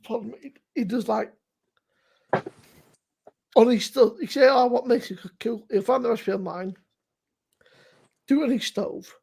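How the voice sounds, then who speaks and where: A woman guesting on a casual live stream, telling animated stories, swearing and saying "mate". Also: a little high, normal speed, creaky, pauses often, breathy edge.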